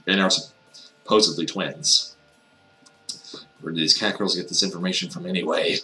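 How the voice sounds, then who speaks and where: A low-voiced man with a bright, forceful edge to his sound reads game text aloud. He keeps breaking off into wry, mocking asides, playing the dialogue for laughs. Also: steady tone, normal speed, faint music behind. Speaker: let's player reading a visual novel aloud. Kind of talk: comedic reading with sarcastic asides.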